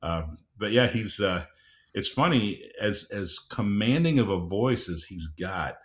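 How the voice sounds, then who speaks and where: A middle-aged man with a low, deep voice speaks as a podcast guest. He talks at an unhurried, measured pace and fills his pauses with "uh"s and small restarts. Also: lively intonation. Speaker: audiobook producer, guest. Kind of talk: casual interview chat.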